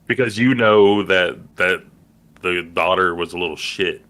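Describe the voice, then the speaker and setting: A man's voice: deep voice, a little slow, fairly bright tone. A man co-hosting a movie podcast, talking in a loose, rambling way full of fillers. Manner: rambling, lots of "like" and "right?". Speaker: podcast co-host. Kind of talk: casual movie chat.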